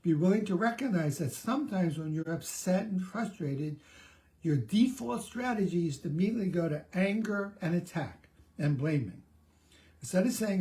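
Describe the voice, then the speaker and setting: A middle-aged male therapist talks through a self-help topic on his own, in a loose conversational way. He often stops short and repeats words before going on. His voice sits a little high for a man. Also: lively intonation, moderate pace, dark tone. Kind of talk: solo self-help talk.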